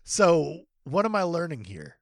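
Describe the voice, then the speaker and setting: Higher, animated man riffing on a movie. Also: vocal fry, no echo, studio quality. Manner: playful, riffing, quick laughs. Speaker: podcast co-host. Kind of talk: casual chat recapping a movie.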